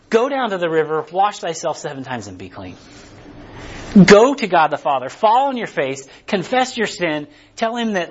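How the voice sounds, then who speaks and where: High-voiced man preaching casually. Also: breathy edge. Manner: conversational, acts out characters, builds to emphatic peaks. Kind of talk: casual sermon with Bible reading. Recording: dull lo-fi sound.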